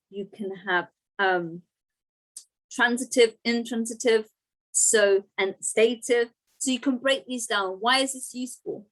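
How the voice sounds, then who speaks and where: A woman teaches a grammar lesson in a fairly high voice. She breaks ideas down patiently and keeps checking in with quick "right?" and "okay" asides. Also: a bit bright, low-quality recording.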